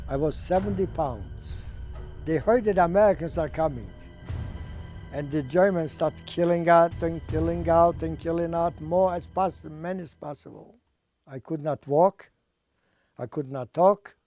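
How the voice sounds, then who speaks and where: Older man, unhurried testimony, mellow tone, halting non-native English, searches for words. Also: a little high, no room sound. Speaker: Holocaust survivor giving testimony. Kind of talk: oral history testimony.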